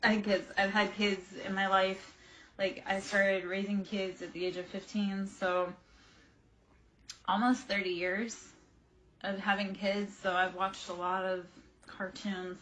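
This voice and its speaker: A woman's voice: medium pitch, little pitch movement, unhurried, a bit bright, slight background noise. A woman in her forties hosting a livestream tarot reading, chatting casually with viewers and drifting off on tangents. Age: 40s. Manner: chatty, rambling, goes off on tangents while answering chat. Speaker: tarot reader and livestream host.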